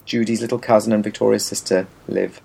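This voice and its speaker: A man telling stories in casual chat, with wry, deadpan, mock-formal phrasing. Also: lowish voice, fairly quick, gravelly, breathy edge.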